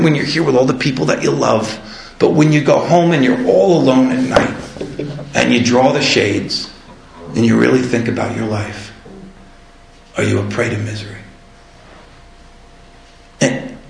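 A man's voice: mid-range voice, vocal fry. Candid man sharing at a recovery meeting. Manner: candid, self-deprecating, rising animated at stories. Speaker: AA meeting speaker. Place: meeting room. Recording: echoey room.

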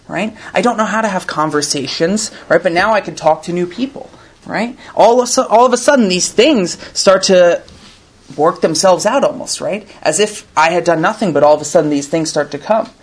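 A man's voice: high-pitched, normal speed, slightly rough. A man reading aloud and commenting to a recovery group, in an earnest, conversational way, often ending thoughts with "right?". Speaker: recovery meeting speaker.

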